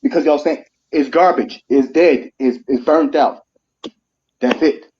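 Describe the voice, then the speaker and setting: A man's voice: a little high, measured pace, a little mellow, slight background noise. Earnest man, thirty, on a muffled live stream. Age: 30s. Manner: earnest, rising to heated and pleading. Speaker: guest speaker on a live stream. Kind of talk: emotional live-stream monologue.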